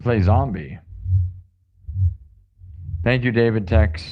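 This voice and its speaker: A man's voice: lowish voice, takes it slowly, narrow, tinny audio. Jokey rambling male streamer. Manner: jokey, rambling, talks to chat. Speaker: live stream host and improv musician. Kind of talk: casual live stream chat.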